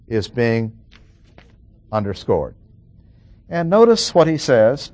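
A man delivering a verse-by-verse sermon at an ordinary mid-range pitch. He slows down to stress single words and throws questions at his listeners. The recording is dry and close, with little room sound. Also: very animated, a little mellow, no room sound. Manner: emphatic, drawn-out stresses on key words, asks the audience questions. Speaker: preacher. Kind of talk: sermon, Bible exposition.

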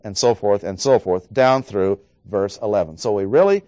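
A man's voice: lowish voice, mellow, lo-fi sound. Guy preaching verse by verse, leans hard on key words, dry no-echo sound. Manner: deliberate, stressing key words with slow dramatic pauses. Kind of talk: expository sermon.

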